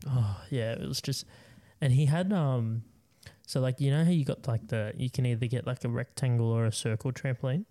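Young man, mellow dark voice, laid-back podcast chat, swears a lot. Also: medium pitch, moderate pace. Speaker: podcast co-host. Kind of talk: casual chat.

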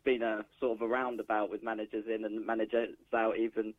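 A man's voice: fairly low pitch, level tone, fairly quick, no room sound. Male caller on a tinny phone line. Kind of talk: phone-in chat.

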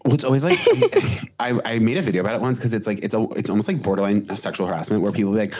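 A man's voice: lowish voice, sing-song, very fast, a little mellow, slight background noise. A man hosting a casual podcast chat, rambling with lots of filler words and comic complaining. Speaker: podcast host.

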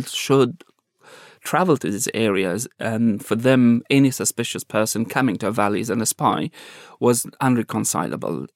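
A man's voice: medium pitch, a little mellow, dry recording. Earnest man, dry close sound. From Afghanistan. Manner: earnest, halting, with frequent restarts. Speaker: journalist guest. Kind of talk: personal storytelling in an interview.

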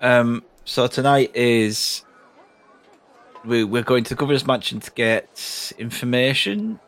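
A man's voice: mid-range voice, measured pace, a bit bright. A man playing a tabletop role-playing game with friends, checking and discussing the rules. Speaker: player. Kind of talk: casual tabletop game chat.

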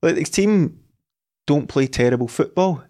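A man's voice: fairly high pitch, lively intonation, measured pace, dark tone. Opinionated Scottish podcast man. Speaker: podcast co-host. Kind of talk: casual chat.

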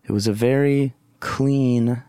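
A man's voice: mid-range voice, steady tone, slow pace, mellow, clear, resonant tone, no room sound, studio quality. A man hosting a casual comedic podcast on his own, goofy and rambling, swearing freely and slipping into silly voices. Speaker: podcast host.

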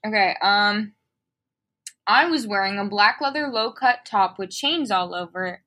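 Slow-talking bright young woman. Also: medium pitch, lively intonation. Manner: swearing, laughing, dramatic reading. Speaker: co-host reading fan fiction aloud. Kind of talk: casual comedic read-along.

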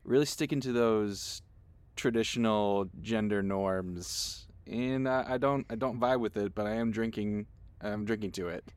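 A man's voice: lowish voice, measured pace, clear, resonant tone, dry recording. A man in his late thirties co-hosting a casual podcast chat in an easygoing, wry way. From Wisconsin. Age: 30s. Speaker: podcast co-host.

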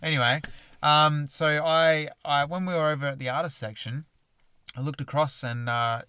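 A man's voice: on the high side, fairly even intonation, normal speed, bright, forceful tone, clean tone, no echo. A man, co-hosting a podcast and telling stories in casual chat, with plenty of ums and laughs. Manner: laid-back, chatty storyteller with frequent ums and laughs. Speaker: podcast co-host.

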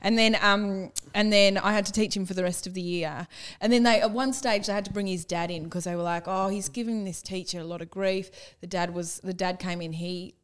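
A woman with an Australian accent, a comedian and former teacher, telling stories loudly and with animation in a casual podcast chat. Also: lowish voice, steady tone, fairly quick, clear, resonant tone.

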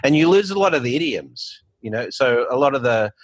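Australian man, middle-aged, husky low voice, dry recording, rambling interview guest. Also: animated, a little fast, no echo. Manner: rambling, restarts and fillers, storytelling. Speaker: guest, bank founder. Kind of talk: conversational interview.

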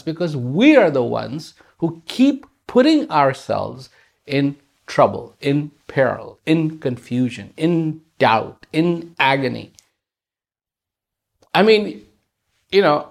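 Spiritual talk, speaks slowly, repeats words for emphasis, middle pitch. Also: gravelly. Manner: rhetorical questions, repetition for emphasis.

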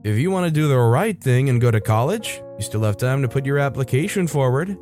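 A man's voice: mid-range voice, lively intonation, brisk, darkish tone, soft background music, lightly acted. A man voicing a condescending, controlling young ex-boyfriend in a spoken story, with a smug, patronizing manner.

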